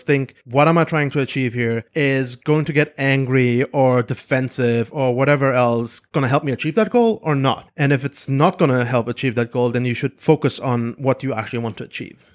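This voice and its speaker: A man co-hosting a relaxed podcast chat at an average pitch. He gives earnest practical advice, thinking aloud with occasional restarts. His tone is conversational and steady. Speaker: podcast co-host.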